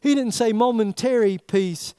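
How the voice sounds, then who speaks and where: A man preaching a sermon in a folksy, animated way, throwing rhetorical questions at the congregation. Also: high voice, measured pace, smooth, no room sound, studio quality. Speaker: pastor.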